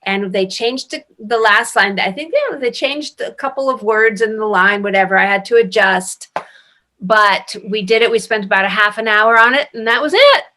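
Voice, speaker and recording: A middle-aged woman from France speaks in a bright, clear voice at a middle pitch. She tells her stories in a casual interview, animated and emphatic, often restarting her sentences. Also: normal speed. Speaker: actress interviewee.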